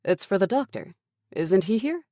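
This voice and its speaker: A woman's voice: medium pitch, big pitch swings, normal speed, dark tone, no echo, clean studio sound, pitched above the performer's own voice, lightly acted. A woman reading as a cheerful smug army sergeant.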